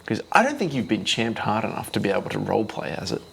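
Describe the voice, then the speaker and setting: A man's voice: on the low side, sing-song, fast, vocal fry, a bit bright, slight background noise. A man co-hosting a podcast, making dry, sarcastic quips in casual chat. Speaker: podcast co-host.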